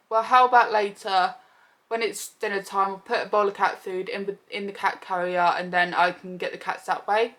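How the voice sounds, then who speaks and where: A young woman chats through a personal story for her vlog. She talks casually and brings the tale to life by voicing the people in it. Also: medium pitch. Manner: chatty, animated retelling with quoted voices. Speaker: vlogger.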